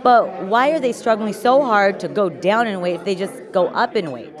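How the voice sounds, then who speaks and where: A woman's voice: medium pitch, expressive, moderate pace. A woman sports reporter hosting an on-camera interview outdoors at a press event, chatty and effusive. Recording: outdoor event with clear crowd noise. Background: crowd chatter.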